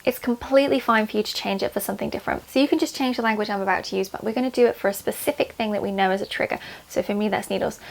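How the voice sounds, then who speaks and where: Gravelly-voiced woman guiding tapping. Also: mid-range voice, low-quality recording. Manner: calm, repeats affirmations in a steady rhythm. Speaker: EFT tapping coach. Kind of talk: guided tapping instruction.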